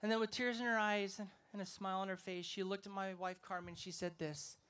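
A man's voice: sits high, level tone, quick pace, fairly bright tone, clear, resonant tone. A man preaching an emphatic sermon, telling stories and rousing his listeners. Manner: emphatic, rousing, storytelling delivery. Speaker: evangelist preacher. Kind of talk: festival sermon.

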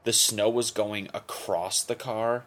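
Low-voiced rambling podcast host, a young man. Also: fairly even intonation, slow, fairly bright tone. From Connecticut. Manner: rambling, profane, self-deprecating. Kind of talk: casual solo podcast monologue.

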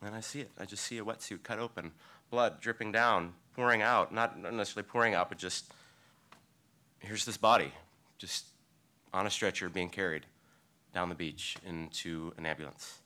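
Lowish-voiced man telling a personal story. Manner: vivid, halting retelling that swings between excited and hushed. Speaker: storyteller, local surfer. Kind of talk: personal story told live on stage. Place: live storytelling event before an audience.

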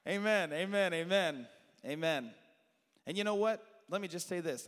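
A man preaching a sermon, animated and shifting between loud shouted praise and soft asides to the congregation. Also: high voice, normal speed. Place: church sanctuary. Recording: long hall reverb.

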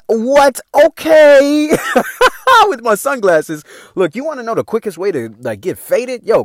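An animated man recounts a wild night in a loose, profanity-laced storytelling style, laughing as he goes. His voice sits a bit high for a man and swings widely in pitch. The sound is dry and close, with no room echo. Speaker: vlogger telling a personal story. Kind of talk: casual storytelling.

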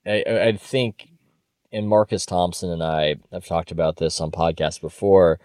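Low-voiced man musing as a podcast guest. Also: fairly even intonation, darkish tone, dry recording, studio quality. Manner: thoughtful, halting, laughs often. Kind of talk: casual podcast chat.

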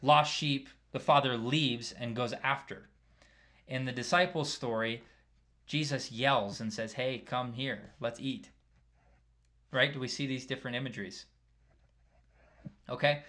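A man preaching a casual sermon, talking conversationally and checking in with the listeners by asking "right?" again and again. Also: mid-range voice. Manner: conversational, keeps asking "right?", drops quieter for asides.

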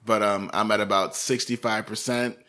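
A man's voice: on the low side, fairly even intonation, normal speed, sharp tone. A man in his twenties co-hosting a podcast in casual chat, talking bluntly and ranting with free swearing. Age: 20s. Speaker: podcast co-host.

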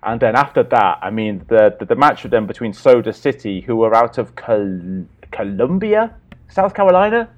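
A man's voice: lowish voice, sing-song, moderate pace. Easygoing man, dull lo-fi sound. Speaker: podcast co-host. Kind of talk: casual podcast chat.

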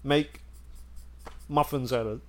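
A man's voice: mid-range voice, steady tone, slow pace. A man telling a story in casual chat, rambling and laughing as he goes.

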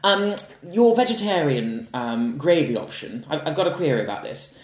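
A woman's voice: deep voice, big pitch swings, pitched above the performer's own voice. A man voicing a fussy, indignant woman diner who talks primly and halts mid-sentence, in a roomy recording. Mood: prim complaint. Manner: prim, halting and insistent. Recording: roomy echo.

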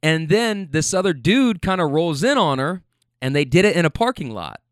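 A man's voice: on the high side, normal speed, no echo, clean studio sound. A young man casually telling a funny story about his passengers, acting out their lines and laughing as he goes. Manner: animated, acts out the passengers' voices with quoted lines and laughs.

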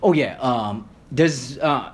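A man who grew up speaking Creole is a podcast guest in casual conversation, rambling animatedly, swearing and using many fillers and restarts. His mid-range voice moves at a slow pace.

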